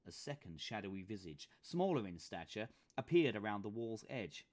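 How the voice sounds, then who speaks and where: A man's voice: lowish voice, sing-song, normal speed, darkish tone. A man, the author, reading his comic novel aloud with dramatic, playful storytelling. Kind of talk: expressive book reading.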